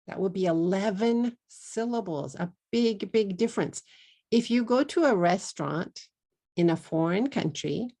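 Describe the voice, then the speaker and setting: A middle-aged Texan woman gives an English pronunciation lesson at a very unhurried pace, saying each word over with care. Her voice sits a little low and has a gravelly fry running through it. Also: animated, darkish tone. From United States. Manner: slow and deliberate, repeating words for learners. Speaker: English teacher.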